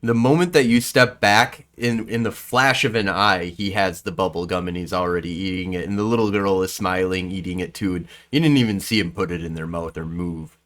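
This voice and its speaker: A man narrating a tabletop game as game master in a casual, halting way. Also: low-pitched, fairly bright tone. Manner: casual, halting, many restarts.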